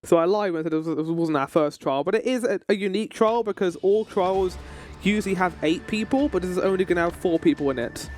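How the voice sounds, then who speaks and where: A man's voice: high-pitched, fast talker, darkish tone, soft background music. A man streaming a game, chatting casually and joking with frequent laughs. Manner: chatty, jokey, laughs often. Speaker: gaming streamer.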